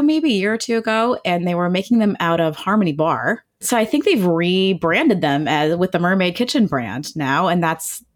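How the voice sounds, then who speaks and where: A woman, chatting enthusiastically as a guest about local food, with plenty of fillers. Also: medium pitch. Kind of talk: casual chat.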